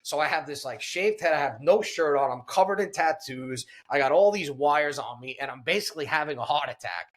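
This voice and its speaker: A man's voice: on the high side, lively intonation, fairly quick, hardly any pauses. A man guest on a podcast, earnestly retelling a personal story with many fillers and restarts.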